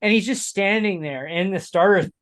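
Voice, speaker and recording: A man with a somewhat high-set speaking voice chats casually as a podcast co-host. He rambles through stories, breaking off mid-sentence and chuckling as he goes. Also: normal speed, fairly bright tone. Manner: rambling storyteller, chuckles while telling stories. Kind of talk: casual chat.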